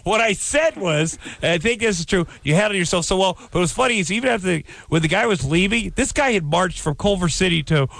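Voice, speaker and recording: Brief: gravelly, slightly high man, loud anecdotal radio banter, dry close mic. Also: animated, quick pace, few pauses, no echo. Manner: loud storytelling, laughing often, interrupting. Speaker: regular guest of a radio show.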